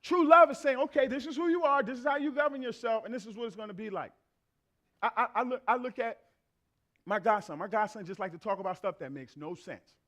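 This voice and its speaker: Man, pastor, middle-aged, high voice, animated comic sermon. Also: fairly quick. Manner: animated storyteller acting out family dialogue. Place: church sanctuary.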